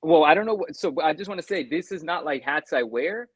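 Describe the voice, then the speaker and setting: A man's voice: fairly high pitch, a little fast, breathy edge, no echo. A man co-hosting a casual livestream, telling rambling stories and checking in with "right?" as he goes. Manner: rambling, animated storytelling with lots of "right?". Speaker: co-host.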